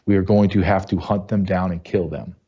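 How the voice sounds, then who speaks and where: A man's voice: sits low, fairly even intonation, fairly quick, slightly rough. A middle-aged man hosting an opinion show, talking bluntly and emphatically and firing off rhetorical questions. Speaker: show host. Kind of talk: opinion commentary. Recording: dull lo-fi sound.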